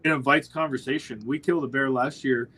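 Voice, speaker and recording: A man's voice: mid-range voice, fast talker, very noisy. A man from northwestern Ontario telling hunting stories in a casual podcast chat, acting out the voices of people he quotes. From northwestern Ontario, Canada. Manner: animated storyteller, acts out quoted voices. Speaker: podcast host.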